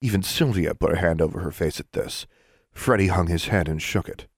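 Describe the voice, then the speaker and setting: A man narrating a fantasy audiobook in an expressive storytelling manner. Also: sits low, brisk, husky, no echo, clean studio sound. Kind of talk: scripted narration.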